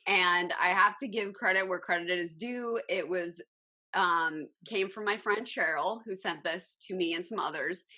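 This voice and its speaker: A woman co-hosting a podcast in casual chat, talking haltingly with many ums. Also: on the low side, sharp tone. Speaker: podcast co-host.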